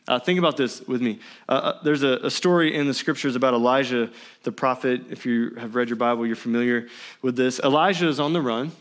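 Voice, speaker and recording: A man preaching a sermon as pastor in a church, swinging between loud emphatic lines and hushed near-whispers. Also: medium pitch.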